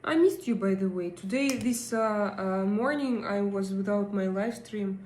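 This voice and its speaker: A woman with a Russian accent chats slowly with viewers on her live stream, hesitating often. Her words come out unhurried and full of pauses. She is recorded in an echoey room with faint ambience behind her. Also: mid-range voice, a little mellow, slight background noise. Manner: chatty, hesitant, many fillers. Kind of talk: casual live chat reading comments. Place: home in Denmark.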